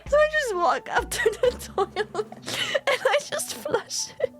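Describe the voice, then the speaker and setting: A woman's voice: extremely high pitch, wildly swooping pitch, a little slow, over music. A young woman streamer telling a story casually to her chat, swearing freely and often breaking into giggles.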